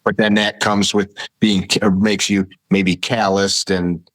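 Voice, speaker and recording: A man's voice: low-pitched, little pitch movement, measured pace, a bit bright, dry recording. A man, a podcast guest, telling rambling, vivid stories in casual conversation. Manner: rambling, vivid anecdotes with acted-out quotes. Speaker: podcast guest, firearms instructor.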